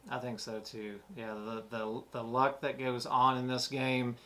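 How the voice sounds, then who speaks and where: A man's voice: medium pitch, completely flat delivery, a little slow, fairly bright tone. A man co-hosting a board game review, agreeing often and rambling as he searches for words. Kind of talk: casual review chat.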